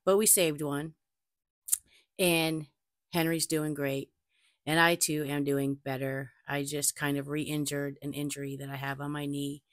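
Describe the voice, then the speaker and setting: Casual woman vlogger host, low-pitched, dry close desk mic, chatty and repetitive. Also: a little slow, no room sound. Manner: chatty, animated storytelling, repeats herself. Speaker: paranormal channel host. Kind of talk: casual chat to camera.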